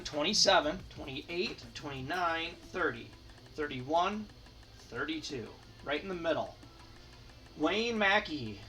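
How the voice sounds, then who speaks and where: A man from Michigan in the United States hosts a channel and casually chats as he sorts and counts his hockey cards out loud. His voice is fairly high, pushed and bright, and the mic sits at a distance.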